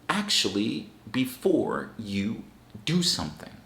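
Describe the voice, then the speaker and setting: A man teaches English in a slow, deliberate way and leans hard on key words. His pitch rises and falls a lot as he stresses each point. The room around him gives his voice a noticeable echo. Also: wildly swooping pitch, vocal fry, a bit bright. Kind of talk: online English lesson.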